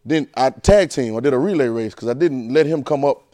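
A man preaching plays God as a stern, exasperated almighty father, speaking in booming, reproachful, drawn-out phrases. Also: dark tone, no room sound, studio quality, natural voice.

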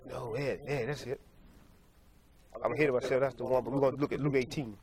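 A man's voice: medium pitch, steady tone, a little fast, crowd noise. A male preacher delivering a sermon in a folksy, repetitive way, often stopping to correct himself and laughing at his own stories. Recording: congregation heard behind.

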